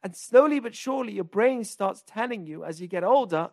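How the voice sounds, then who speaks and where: A man's voice: sits high, expressive, fairly quick, vocal fry, darkish tone, no room sound, studio quality. A man hosting a podcast, teaching Jewish ideas in a loose, conversational way, repeating phrases and acting out the inner voice of doubt. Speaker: podcast host teaching Torah. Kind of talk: informal religious teaching.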